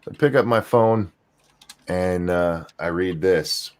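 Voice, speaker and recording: An older man hosting a casual podcast chat, relaxed and rambling with fillers. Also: low-pitched, takes it slowly. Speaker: host.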